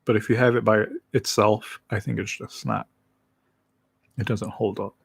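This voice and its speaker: A man's voice: on the low side, flat delivery, moderate pace, vocal fry, slightly rough, no echo. A man chatting casually on a livestream, rambling in a laid-back way and laughing easily.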